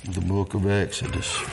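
Slow, low-voiced preacher reading scripture. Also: male voice, background noise. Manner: slow, deliberate reading with long pauses, throat clearing. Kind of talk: scripture reading in a church service.

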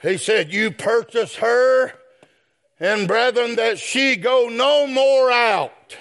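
A man preaching a sermon, swinging from shouted chanted phrases down to low spoken asides. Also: slow pace.

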